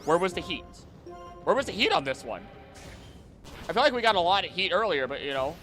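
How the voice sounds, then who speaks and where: A young man casually commenting on his gameplay while he streams, chatty and animated, with sudden loud outbursts. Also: sits high, brisk, soft background music. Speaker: streamer playing a video game.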